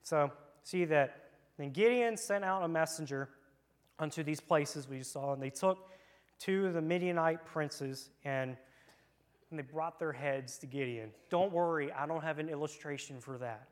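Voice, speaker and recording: A slightly high male voice moves at a measured pace. It belongs to a children's church leader who, in a church room with children present, reads scripture and jokes in a relaxed, playful way during an interactive Bible lesson.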